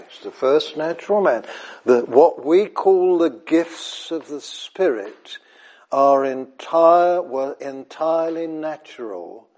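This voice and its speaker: A man delivering a sermon in a husky, slightly breathy voice at an unhurried pace. His pitch sits in a middle register. He swings from emphatic repeated phrases to soft near-whispers, and he often asks his audience whether he is making sense. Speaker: preacher.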